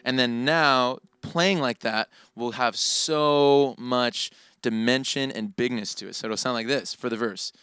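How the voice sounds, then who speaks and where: A man teaching worship keyboard in a relaxed, casual way, often tagging his points with "right?". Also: mid-range voice, a little slow, few pauses, smooth, dry recording. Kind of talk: casual instructional talk. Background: keyboard playing.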